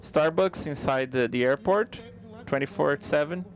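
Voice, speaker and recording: Male live interpreter voicing a comedy routine; somewhat high pitch, conversational, halting with restarts.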